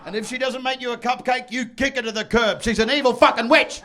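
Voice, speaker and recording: A man doing a stand-up comedy set, brash and loud, bursting into shouts and mock voices. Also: extremely high pitch, fairly even intonation, fast, crowd noise. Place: comedy venue with audience.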